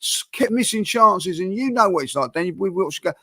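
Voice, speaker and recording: A man hosts a fan channel's football debate, his voice sitting a little on the high side. He talks with animated passion, stumbling through restarts and fillers as he makes his points. The sound is dry, with no room echo. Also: moderate pace.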